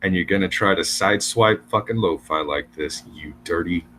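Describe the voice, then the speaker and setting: A man joining a stream as a guest, trading crude, deadpan mock insults. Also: sits low, normal speed, a little hiss or hum. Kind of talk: casual crude banter.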